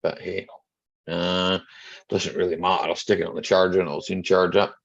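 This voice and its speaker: A middle-aged mechanic hosts a rambling, joking livestream chat, greeting viewers by name. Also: male voice, sits low, flat delivery, normal speed, creaky. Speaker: mechanic hosting a live chat stream. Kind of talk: casual livestream chat reading viewer comments. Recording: dull lo-fi stream audio.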